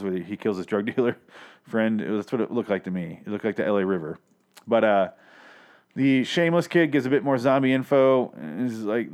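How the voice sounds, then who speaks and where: On the low side and darkish in tone, this man's voice recaps a TV episode for his podcast from home. He rambles casually, swears a lot, and jokes at his own expense, with plosives audibly popping on the home microphone.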